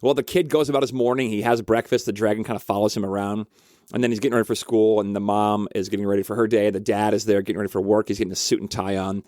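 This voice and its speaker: A man in casual storytelling mode who counsels couples, talking in an animated, conversational way with lots of fillers. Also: on the low side, quick pace, no echo, clean studio sound. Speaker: marriage counselor.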